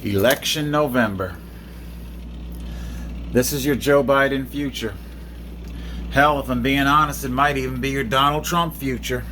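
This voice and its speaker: A man's voice: mid-range voice, measured pace, pauses often, sharp tone, a little hiss or hum. A man hosting a casual home cooking vlog, chuckling now and then and talking with his mouth full. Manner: chuckling, talking while eating. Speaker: video host.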